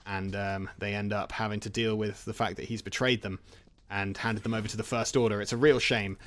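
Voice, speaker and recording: A man's voice: fairly low pitch, flat delivery, a little fast, fairly bright tone. A man casually retelling film plots from memory while playing a game. He rambles, jokes and laughs often. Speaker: gaming channel host.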